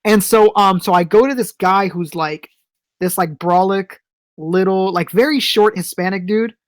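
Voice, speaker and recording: A man's voice: sits high, normal speed, no echo. A man co-hosting a podcast, telling a story in casual chat, swearing freely and acting out what people said. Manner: profane storyteller, acts out quotes. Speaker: podcast co-host.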